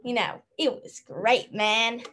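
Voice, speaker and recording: An easygoing outback bloke with a broad Australian accent, done by a woman. He rambles along in a laid-back, unhurried way. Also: fairly high pitch, fairly bright tone.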